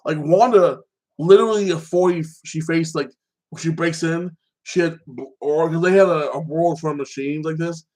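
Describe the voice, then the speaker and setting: Rambling, excitable man with a higher voice. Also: normal speed. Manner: rambling, excitable retelling with constant fillers. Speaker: podcast host. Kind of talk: casual movie recap chat.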